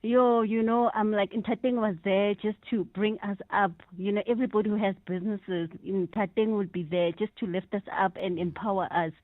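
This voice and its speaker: A woman's voice: mid-range voice, fairly even intonation, normal speed, few pauses, no echo. A South African woman calling into a radio show, talking effusively and mixing in Sesotho phrases. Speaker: caller. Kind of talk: radio call-in tribute. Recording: tinny phone line, dry.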